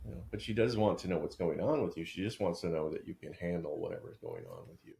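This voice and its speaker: A man's voice: low-pitched, fast talker, vocal fry, dark tone, slight background noise. A man co-hosting a podcast, talking reflectively and often repeating words as he works out his thoughts. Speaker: podcast co-host. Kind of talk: casual podcast conversation.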